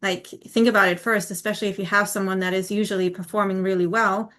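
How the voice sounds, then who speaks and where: A woman's voice: medium pitch, fairly even intonation, fast talker, fairly bright tone. A woman co-hosting a casual podcast conversation, thinking aloud and feeling her way into questions with fillers.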